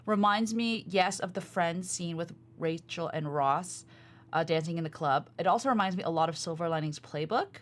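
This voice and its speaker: A woman co-hosting a casual podcast, chatting in an animated way with lots of fillers. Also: on the low side, moderate pace. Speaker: podcast co-host. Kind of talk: casual chat.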